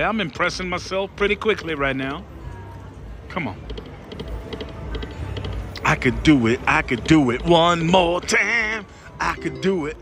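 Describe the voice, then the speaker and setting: A man vlogging at slot machines, talking to his viewers with sudden excited outbursts. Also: high-pitched. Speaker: casino vlogger. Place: casino floor. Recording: loud music behind voice. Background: loud casino machine music.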